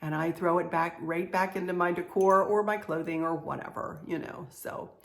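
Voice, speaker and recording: A woman's voice: fairly low pitch, steady tone, moderate pace. A middle-aged woman, talking through a home decor haul in a chatty, confiding way. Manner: chatty, confiding, laughs often. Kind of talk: casual show-and-tell haul video.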